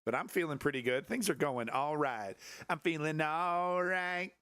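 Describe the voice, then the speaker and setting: A man hosting a live stream, reacting to clips with sarcastic, profane commentary and now and then breaking into shrill mocking voices. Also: animated, moderate pace, hardly any pauses, fairly bright tone, smooth, no room sound. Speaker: livestream host.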